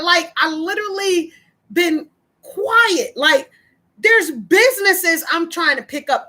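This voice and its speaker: A woman with a very high voice talks through a personal vlog, tearful and worked up. She repeats herself as she vents, and her tone stays bright and sharp. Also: lively intonation, measured pace. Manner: emotional, repetitive, venting. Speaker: vlogger.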